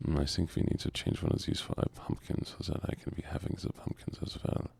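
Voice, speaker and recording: A male streamer speaking in a put-on Southern accent, with a gravelly, chest-rumbling voice, talking slowly and softly to chat in an ASMR gaming stream. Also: no echo. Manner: slow, murmured, talks to chat while playing.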